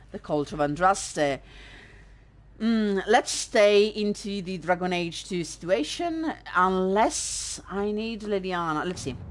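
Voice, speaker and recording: Chatty woman with sarcastic asides. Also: fairly low pitch. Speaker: let's play host. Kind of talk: casual gameplay commentary.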